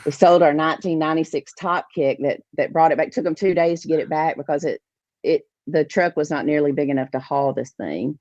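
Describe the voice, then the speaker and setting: A woman, a podcast guest telling a lively story about organizing fishing tournaments. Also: low-pitched, brisk, no room sound. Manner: animated storyteller, acts out others' lines. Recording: dull, dry podcast audio.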